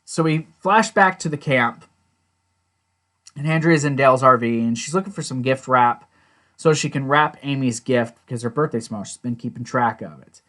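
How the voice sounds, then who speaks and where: A man's voice: mid-range voice, normal speed, a bit bright. A man casually recapping and reviewing a TV episode, rambling along with lots of "you know" and "like".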